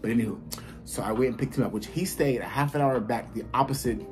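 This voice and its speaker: A man telling a casual story to his viewers, animated and blunt, swearing freely and talking straight to them. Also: mid-range voice, fast, faint music behind. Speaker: vlogger. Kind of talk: casual story time while eating.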